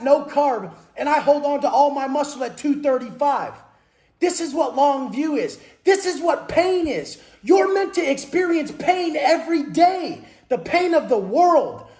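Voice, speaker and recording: Blunt, profane high-voiced man in an echoey room. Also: darkish tone. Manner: aggressive, profane, emphatic. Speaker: fitness and mindset coach. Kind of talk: blunt profane monologue about prison life. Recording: roomy echo.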